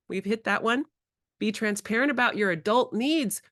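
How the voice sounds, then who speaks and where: A woman presenting a workshop to educators, animated and acting out conversations with children. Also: on the high side, moderate pace, no echo, clean studio sound. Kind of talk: workshop lecture. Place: in-person workshop.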